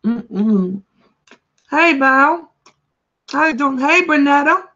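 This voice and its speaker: A woman hosting a casual live chat while eating, greeting viewers by name in a slow, drawling way. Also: sits high, lively intonation, bright, forceful tone. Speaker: livestream host. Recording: dull lo-fi livestream audio.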